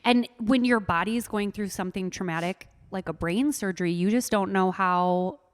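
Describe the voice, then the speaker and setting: A woman's voice: medium pitch, normal speed. Woman, Minnesotan accent, earnest chatty guest, reverberant room. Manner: chatty, filler-heavy, earnest. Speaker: podcast guest, mother. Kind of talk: casual interview chat.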